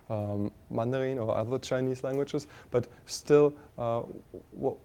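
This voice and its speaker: A man with a German accent gives a university lecture, halting often with fillers and restarts and frequently putting questions to the class. His voice is medium in pitch with a dark tone.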